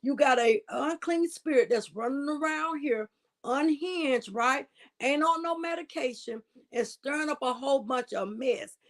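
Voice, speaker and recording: A woman's voice: sits high, a little slow. A woman hosting commentary on a livestream, emphatic and preachy, often asking "right?". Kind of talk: casual commentary.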